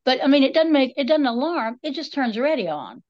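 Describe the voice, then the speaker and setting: Wry chatty middle-aged lady co-hosting, voice on the high side, muffled lo-fi sound. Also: very animated, fairly quick. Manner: chatty storyteller, wry and self-mocking. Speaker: podcast co-host. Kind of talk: casual chat. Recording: dull lo-fi sound.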